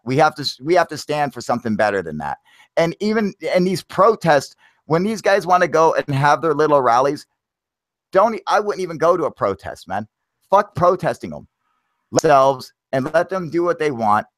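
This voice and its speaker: A man's voice: a little high, no room sound. A man hosting a casual talk show, ranting in a profane and emphatic way. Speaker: podcast host.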